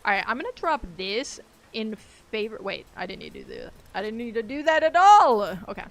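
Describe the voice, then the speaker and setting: A woman's voice: a little high, very animated, a little fast, vocal fry, slight background noise. A woman chatting casually on a game live stream, rambling, laughing often and reacting aloud to the game. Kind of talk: casual live-stream chat while gaming.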